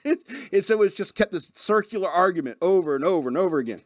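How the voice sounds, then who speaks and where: A man's voice: fairly high pitch, quick pace, no room sound, clean studio sound. A man hosting a radio podcast in a casual monologue, rambling and laughing often as he acts out the people he describes. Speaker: podcast host.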